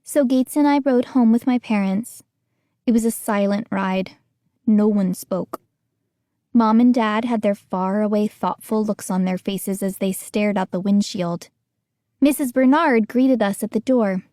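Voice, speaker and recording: A woman narrating an audiobook in a measured storytelling manner. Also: medium pitch, warm tone, no room sound, studio quality.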